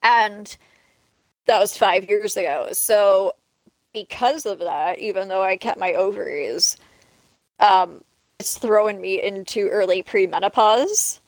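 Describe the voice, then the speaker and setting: A woman's voice: mid-range voice, takes it slowly, no room sound, low-quality recording. A woman in her late thirties co-hosting a casual podcast chat, talking candidly and conversationally. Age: 30s. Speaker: podcast co-host.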